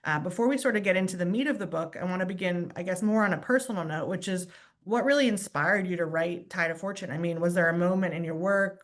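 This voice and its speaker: A woman hosting an online book talk over a video call, giving a formal introduction and then asking conversational questions. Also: fairly low pitch. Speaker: host introducing a guest. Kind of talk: moderating a virtual book talk.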